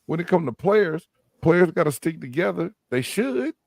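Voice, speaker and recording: A man, a former pro football player, talking casually and emphatically on a sports podcast, with street slang and animated outbursts. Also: a little high, moderate pace, gravelly, dry recording.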